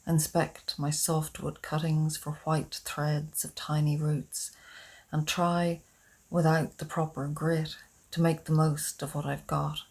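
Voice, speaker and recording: Slow, flat-voiced woman reading poetry. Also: low-pitched, creaky. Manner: measured, unhurried recitation. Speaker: poet reading her own work.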